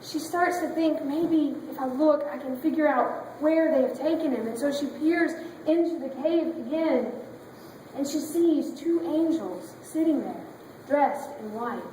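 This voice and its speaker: A woman pastor preaching with dramatic, emotive storytelling. Her voice is high and her delivery unhurried. She is picked up from far away in a very echoey church sanctuary with a faint ambience. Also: a little hiss or hum. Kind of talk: sermon.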